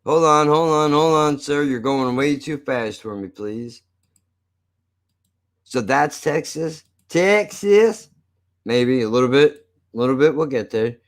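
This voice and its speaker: A male streamer chatting casually into a desk microphone. He jokes and swears freely and often breaks into laughter. His pitch sits in the middle of the male range. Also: measured pace. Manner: profane, joking, laughs often. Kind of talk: casual live-stream chat.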